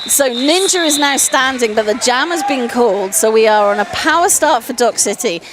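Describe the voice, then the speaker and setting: A woman giving live play-by-play commentary at a roller derby game, quick and excitable, often laughing. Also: on the high side. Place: sports arena. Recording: noisy live event background.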